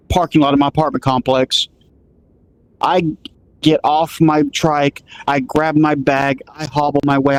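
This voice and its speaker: A man's voice: a little high, rough recording. A man telling a story casually, acting out what each person said with lots of "he goes" and "I'm like". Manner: acts out quoted dialogue, lots of "I'm like" and "he goes".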